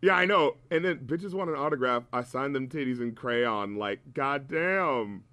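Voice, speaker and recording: A man's voice: mid-range voice, expressive, moderate pace, bright, forceful tone, no room sound. A man reviewing a rap album in casual podcast chat, ranting with profane, mocking humor.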